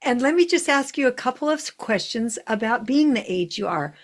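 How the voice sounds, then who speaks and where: A woman's voice: on the high side, expressive, brisk. An older woman hosting a casual interview show, upbeat and encouraging toward her guest. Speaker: podcast host.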